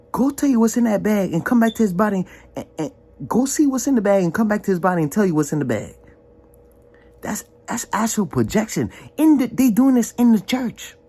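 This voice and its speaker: A young man giving a casual, emphatic spoken testimony, slangy and full of repetition. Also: husky. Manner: animated and emphatic, repeats himself, slangy; drops low and quiet when reflecting. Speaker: vlogger giving a church testimony.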